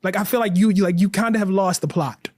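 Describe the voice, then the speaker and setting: High-voiced, passionate male author. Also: no room sound. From northern United States city. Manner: passionate, deliberate, building arguments. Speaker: author and interview guest. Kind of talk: earnest interview answer.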